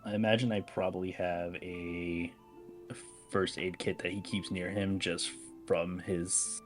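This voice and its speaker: A man playing a tabletop game, explaining his character's actions slowly and thoughtfully. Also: low-pitched, level tone, soft background music. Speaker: player.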